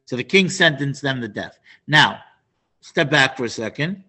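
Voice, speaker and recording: A man teaching a Torah class, animated and prone to restarts and asides. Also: mid-range voice, moderate pace, slightly rough. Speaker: Bible teacher.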